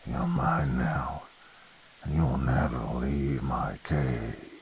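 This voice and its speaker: A man voicing a cruel cave monster in a horror story, with a choked, hissing whisper that is slow and taunting. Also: very deep voice, fairly even intonation, gravelly, a little mellow, slightly rough, pitched below the performer's own voice, exaggerated voice. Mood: gloating.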